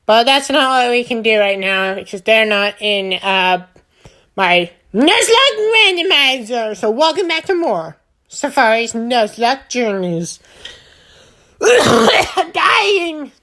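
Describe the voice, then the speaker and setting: A woman with a fairly high voice recounts her game playthrough in a silly, meandering way. She speaks slowly and fills the gaps with lots of "uh"s. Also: lively intonation, pushed and bright. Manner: rambling and silly, with lots of filler sounds. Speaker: gaming channel host. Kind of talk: playful game recap narration.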